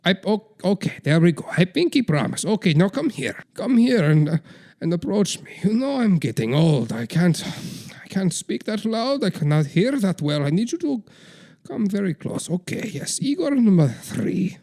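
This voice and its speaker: A man's voice: high-pitched, big pitch swings, normal speed, darkish tone, exaggerated voice. A man voicing an aging, bored strongman leader who coaxes a nervous aide with mock-sweet promises and gleeful cruelty, in a comedy sketch. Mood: scheming.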